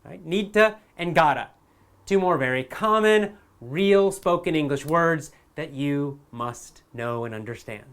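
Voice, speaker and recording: Man, English teacher, slightly high voice, deliberate emphatic lesson delivery. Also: a bit bright, clear, resonant tone. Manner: slow, emphatic, repeats example phrases.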